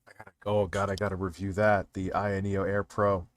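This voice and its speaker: With a low pitch and flat delivery, a man runs a livestream at a fairly quick clip. He chats loosely, swears plenty, and keeps restarting his sentences or letting them fade out.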